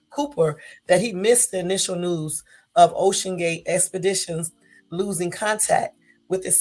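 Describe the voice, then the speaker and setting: Woman, gravelly, on the low side, casual news commentary that stops to fix slips. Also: darkish tone. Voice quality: gravelly morning voice. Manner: reads aloud with self-corrections and asides.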